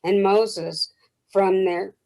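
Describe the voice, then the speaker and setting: A woman's voice: medium pitch, steady tone, vocal fry, a little mellow, low-quality recording. A woman in a study class reads a scripture text aloud in a careful way. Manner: slow, careful reading. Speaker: class participant reading aloud.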